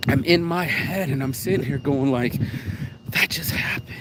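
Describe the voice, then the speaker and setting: Walking a street in the rain, a vlog host talks at a moderate pace in a fairly high voice, the recording very noisy. He's shaken from crying, and his monologue comes out raw, profane, and rambling.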